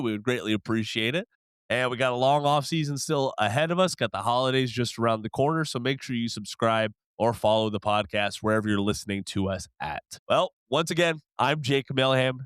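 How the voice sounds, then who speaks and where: A man's voice: medium pitch, fairly bright tone, clean tone, no echo, studio quality. A man hosting a sports podcast, chatting in an easygoing way and wrapping up the episode. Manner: easygoing, brief affirmations. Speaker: podcast host. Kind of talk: casual podcast chat.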